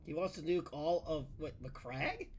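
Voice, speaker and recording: A man's voice: fairly high pitch, sing-song, normal speed, breathy edge. A man laughing along and dropping short comments in a casual chat. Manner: laughs often, brief asides.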